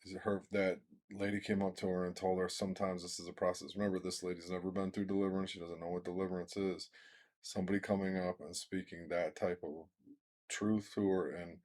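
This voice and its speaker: A man's voice: low voice, flat delivery, a little fast, a little mellow. A man hosting a reaction video, stressing his points emphatically in a preacher-like way. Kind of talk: reaction commentary.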